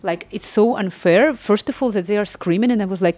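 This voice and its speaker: A woman vlogger telling a story in casual non-native English, acting out the people in it with lively quoted voices. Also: medium pitch, moderate pace, no echo. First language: not Spanish.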